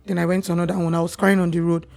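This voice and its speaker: A young Nigerian woman, a podcast guest, telling her personal story in a candid, animated way. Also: fairly low pitch, racing, creaky.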